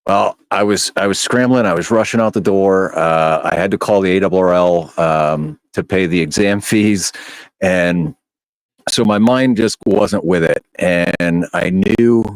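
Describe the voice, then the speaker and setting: Low-voiced man telling a story. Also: no echo, low-quality recording. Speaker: podcast co-host. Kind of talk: casual storytelling.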